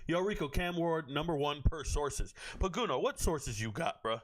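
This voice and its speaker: A man with a high-pitched voice hosts a casual livestream, reading chat and firing off crude jokes. He jumps quickly from one comment to the next in animated trash talk. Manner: loud, profane, joking trash talk.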